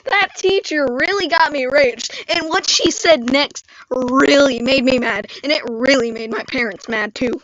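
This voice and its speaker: A woman with a high voice tells a personal story at an unhurried pace. She is animated and acts out what others said. The sound is dull, dry and lo-fi. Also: no room sound. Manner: animated storytelling, acting out quoted lines. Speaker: vlogger. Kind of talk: storytime live stream. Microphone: screen-recorded live stream mic.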